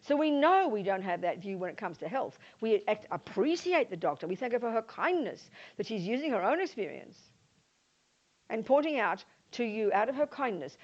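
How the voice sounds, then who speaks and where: An older woman with an Australian accent, a Buddhist nun giving a lively dharma talk to a live audience and acting out the voices she quotes. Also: on the high side, normal speed. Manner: animated, acts out quoted voices. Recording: muffled lo-fi talk recording.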